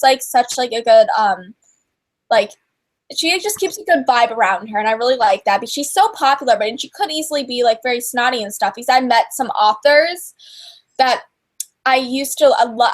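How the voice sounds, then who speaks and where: Young woman, high voice, gushing, chatty, casual livestream talk. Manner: gushing and chatty, many fillers, laughs often. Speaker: co-host of a book and TV chat livestream. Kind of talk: casual chat.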